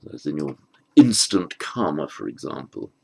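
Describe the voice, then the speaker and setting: A man teaching the meaning of an old verse, patiently explaining each word after reciting it slowly. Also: rumbling low, sing-song, gravelly, darkish tone, slightly rough, poor audio. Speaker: Pali language teacher. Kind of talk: unhurried lesson on a verse.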